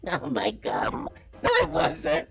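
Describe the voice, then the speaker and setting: A caller doing a cocky, creaky business guru. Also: wildly swooping pitch, moderate pace, faint music behind, heavily acted. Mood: flustered. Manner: cocky, evasive and defensive, pitch swinging wildly. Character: boastful self-styled business guru, male, adult. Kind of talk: comedic impression on a call-in show.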